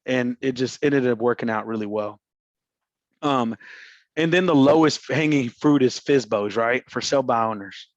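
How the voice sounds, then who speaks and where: A man's voice: medium pitch, normal speed, dry recording. Slangy man, coaching casually. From Houston, Texas. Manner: slangy and conversational, acts out phone calls. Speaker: real estate coach. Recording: slightly muffled dry recording.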